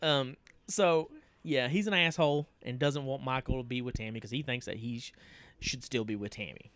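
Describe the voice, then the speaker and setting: A man's voice: mid-range voice, moderate pace, dry recording. A man, casually recapping a movie as podcast co-host, laughing often. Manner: laughs often, animated storytelling.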